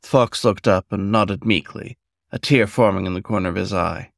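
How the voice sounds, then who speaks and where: A man reads a story aloud in a measured, scripted storytelling manner. His voice is gravelly and fairly low, recorded dry and close. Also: dry recording. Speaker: narrator.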